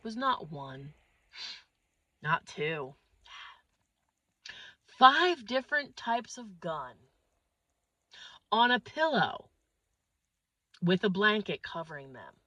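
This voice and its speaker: A woman's voice: mid-range voice, takes it slowly, pauses often, no room sound. A woman from northeastern Pennsylvania telling a crude, exaggerated comic story. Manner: animated, crude, exaggerated delivery. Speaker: comedian.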